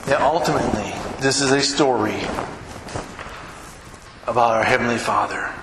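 A man's voice: mid-range voice, normal speed. A male pastor preaching a sermon, telling stories and acting out the quotes, in a church sanctuary. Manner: storytelling with acted-out quotes. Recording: echoey hall with ambient noise.

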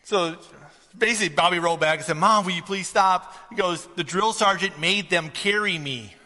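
A man's voice: high voice, moderate pace, pushed and bright. A man preaching a conversational sermon, telling a story and then rising to emphatic questions. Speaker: pastor. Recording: reverberant hall.

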